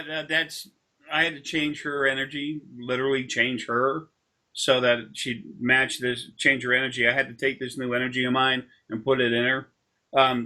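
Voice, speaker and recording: A man with a bright, forward tone talks loosely over a video call. He rambles as an energy healer, wandering off into long stories with easy, conversational explanations. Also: medium pitch. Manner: rambling, drifting into long anecdotes. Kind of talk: casual explanation during a session.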